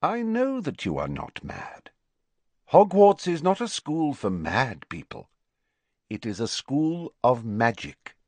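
A man's voice: medium pitch, huge pitch swings, no room sound, voice pushed up, heavily acted. Dumbledore, a man doing a patient old wizard teacher. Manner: patient, measured, gently formal. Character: calm, patient elderly male headmaster wizard.

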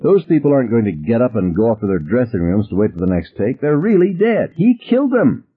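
Man playing a frantic teen boy, shrieking high, husky, phone-line audio. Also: expressive, fast. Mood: hysterical. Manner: shrill frantic yelling. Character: panicked teenage boy, defiant then hysterical.

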